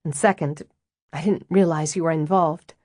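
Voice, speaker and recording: Narrator as earnest young widow, apologetic, carefully polite, low-pitched read. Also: female voice, steady tone, moderate pace, a little mellow, no echo, studio quality. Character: earnest, tightly wound young widow, a manager.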